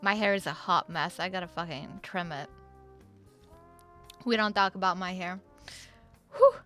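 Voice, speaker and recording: A woman's voice: fairly low pitch, a little slow, sharp tone, faint music behind. A woman chatting casually on her livestream, joking and teasing herself as she plays. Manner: chatty, jokey, self-deprecating. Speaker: streamer.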